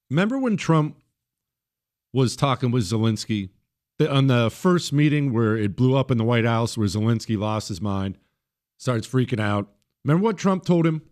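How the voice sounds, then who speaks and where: A man hosting a talk radio show, delivering a conversational monologue and repeating points for emphasis. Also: medium pitch.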